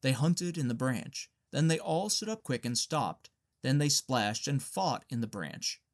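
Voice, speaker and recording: A man reading a novel aloud as an audiobook narrator, in a plain, even storytelling manner. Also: mid-range voice, measured pace. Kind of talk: scripted narration.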